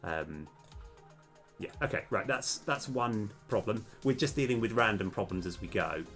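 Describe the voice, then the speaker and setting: A man's voice: on the low side, lively intonation, normal speed, a bit bright, faint music behind. A young man streaming game development, chatting casually and hesitantly with many fillers and restarts, his voice slightly worn. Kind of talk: casual live coding chat.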